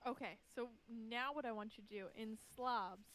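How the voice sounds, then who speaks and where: A woman's voice: a little high, normal speed, fairly bright tone, rough recording. A woman guest on a podcast, patiently walking the host through stream setup in casual chat. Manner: patient, step-by-step instructing. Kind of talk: casual chat giving tech instructions.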